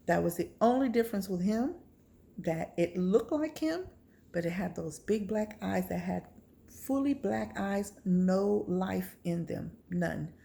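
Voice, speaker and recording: A woman's voice: mid-range voice, lively intonation, unhurried, vocal fry, mellow. A woman vlogger telling a personal testimony story, acting out her reactions with gasps.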